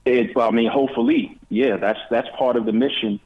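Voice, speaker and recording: A man who is a guest actor and author, speaking in a relaxed, hesitant way with many fillers during an interview. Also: medium pitch, brisk. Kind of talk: interview by phone. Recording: tinny phone line.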